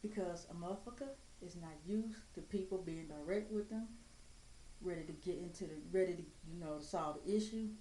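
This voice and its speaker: A blunt woman with rants and swears without holding back. Her voice is mellow and dark, and it bounces around an echoey room. A faint hum of ambient noise sits under her speech. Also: fairly low pitch, brisk. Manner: blunt, profane, straight-talking. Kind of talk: blunt profane rant to camera.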